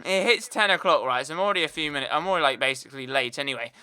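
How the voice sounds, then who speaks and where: A man's voice: fairly high pitch, rapid-fire, pushed and bright, clear, resonant tone. A young British man telling a rambling story in a casual gaming vlog, full of fillers. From United Kingdom. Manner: chatty, rambling, lots of fillers. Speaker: gaming YouTuber. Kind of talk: casual storytelling over gameplay.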